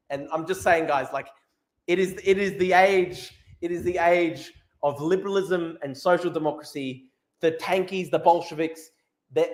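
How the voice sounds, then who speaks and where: A man's voice: a little high, echoey room. A man ranting on a live stream, gloating, swearing and repeating himself. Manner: gloating, profane, repetitive. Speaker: political streamer. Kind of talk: live-stream political rant.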